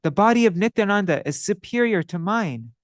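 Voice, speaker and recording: A man voicing a stern divine lord who pronounces judgment in a firm, measured way. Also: sits high, expressive, dry recording, clean studio sound, voice pushed up.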